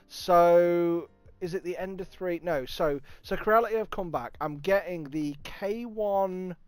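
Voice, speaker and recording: A man with a Nottingham accent hosting a casual livestream, chatting, swearing freely and thanking viewers with bursts of excitement. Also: fairly high pitch, measured pace, clear, resonant tone, no room sound. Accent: Nottingham English. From England. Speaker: livestream host. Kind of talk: casual livestream chat reading viewer comments.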